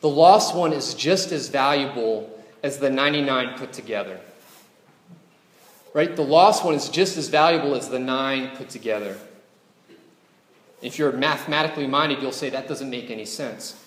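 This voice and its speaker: A man's voice: mid-range voice, normal speed, long pauses. A man preaching a sermon as a pastor. He talks in a conversational way and often puts rhetorical questions to the congregation. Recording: echoey hall with long reverb.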